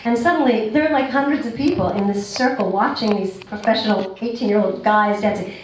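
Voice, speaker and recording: A woman telling an excited personal story to a live audience. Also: on the high side, a little fast, slight background noise. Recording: dull distant echoey barn.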